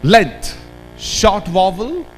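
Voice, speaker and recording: An Indian man giving an animated workshop lecture, drilling words aloud with the audience. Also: high voice, very slow, slight background noise, rough recording. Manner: animated, drills words aloud, code-switches into Hindi asides. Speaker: workshop trainer. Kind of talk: lively classroom workshop lecture.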